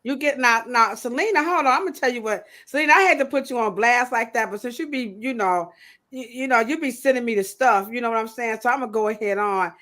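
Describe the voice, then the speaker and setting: Woman, podcast host, playful and animated, casual livestream chat. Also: on the high side, fast. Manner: animated, playful, acts out quoted voices.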